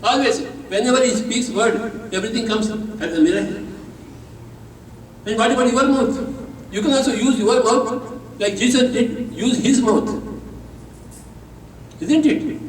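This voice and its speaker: Indian man, spiritual teacher, high voice, emphatic and teasing, repeats his points, heard from afar in a big hall. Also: measured pace, pauses often, slight background noise. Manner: emphatic and repetitive, teasing, leads call-and-response. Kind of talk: spiritual talk to a live audience. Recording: echoey hall, voice from a distance.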